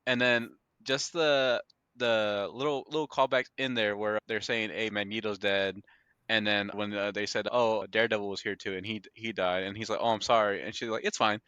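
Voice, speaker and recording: A man co-hosting a casual movie discussion, laid-back and quick to laugh. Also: fairly low pitch, steady tone, pushed and bright, smooth, dry recording, dull audio. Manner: laid-back, laughs a lot, short agreements. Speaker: podcast co-host.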